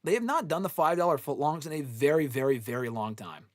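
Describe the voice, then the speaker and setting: A man's voice: on the high side, fast talker, no echo, studio quality. A young man hosting a live fan Q&A, chatting casually in a blunt, profane, offhand way. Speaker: host answering fan questions.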